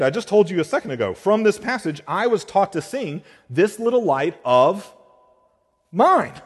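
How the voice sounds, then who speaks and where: Man, pastor, sermon, animated preaching, lively pitch, long hall reverb. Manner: animated preaching, swings between soft and emphatic.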